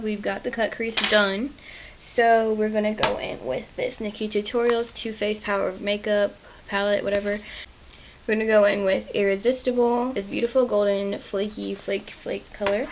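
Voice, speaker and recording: A woman's voice: mid-range voice, a little hiss or hum, poor audio. A young woman chatting casually through a makeup tutorial at home, apologetic and self-deprecating. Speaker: beauty vlogger.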